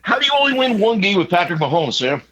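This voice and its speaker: A man's voice: high voice, very animated, fast, a bit bright. A man co-hosting a fantasy football league recap, joking and swearing casually. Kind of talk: casual banter.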